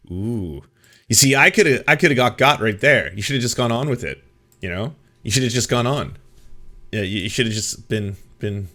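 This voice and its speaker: A man's voice: fairly low pitch, fairly bright tone. A man hosting a casual political commentary chat, joking and rambling with restarts. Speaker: host.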